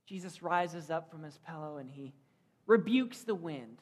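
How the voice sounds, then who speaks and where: A man's voice: a little high, animated, unhurried. A man preaching a sermon as pastor, earnest, telling the story and asking rhetorical questions.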